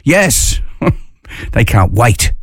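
A man's voice: medium pitch, big pitch swings, very slow, dry recording, studio quality. A man hosting a community radio show, playful and self-mocking with chuckling asides. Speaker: radio host. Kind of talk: casual radio banter. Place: radio studio.

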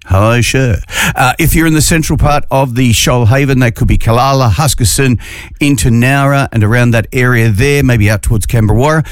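A man's voice: mid-range voice, dry recording. Brief: Australian man, morning radio fill-in host, jokey and chatty, close dry mic. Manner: chatty, jokey, drawn-out phrasing. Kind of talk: casual morning radio chat.

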